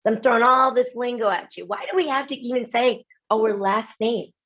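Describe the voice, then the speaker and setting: An animated American woman speaks as a keynote speaker in a webinar, self-mocking and quick with her asides. The audio is slightly dull and lo-fi, the kind typical of an online talk. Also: a little high. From United States.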